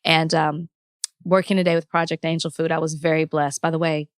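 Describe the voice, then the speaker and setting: A woman's voice: low voice, level tone, a little fast, smooth, no room sound, studio quality. A woman in her thirties co-hosting a podcast, telling stories in an earnest, reflective way during casual chat. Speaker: podcast co-host.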